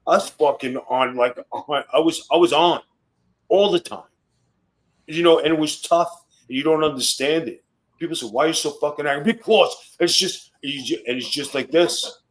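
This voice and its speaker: A middle-aged man, a guest on a podcast, telling wrestling stories in rough, swearing-heavy casual talk. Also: on the high side, normal speed, rough recording. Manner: profane, boastful storytelling.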